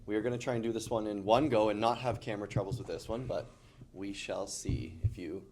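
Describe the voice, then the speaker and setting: A man's voice: fairly low pitch, fairly even intonation, a little fast, darkish tone, soft background music. A man, a chiropractor co-hosting a casual podcast chat.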